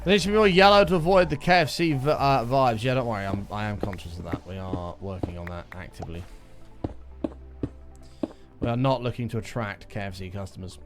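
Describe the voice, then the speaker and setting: A man's voice: mid-range voice, brisk, over music. A man chatting casually on a gaming livestream, joking around and answering chat messages aloud. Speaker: streamer.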